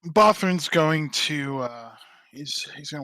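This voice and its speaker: A man's voice: on the high side, measured pace, a bit bright, no echo. A man running a tabletop game as game master, narrating casually with a rambling, apologetic manner.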